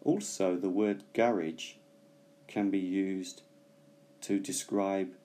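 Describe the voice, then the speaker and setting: A man gives an English lesson, weighing each word and pausing to explain. His voice sits low and mellow. He takes his time, never rushing. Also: fairly even intonation. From Britain. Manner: slow, careful explanations with hesitations. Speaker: English teacher. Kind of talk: bilingual language lesson.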